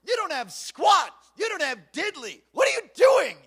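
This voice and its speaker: A man voicing a mocking enemy king's envoy who shouts scornful taunts. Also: sits high, fast talker. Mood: scornful taunting.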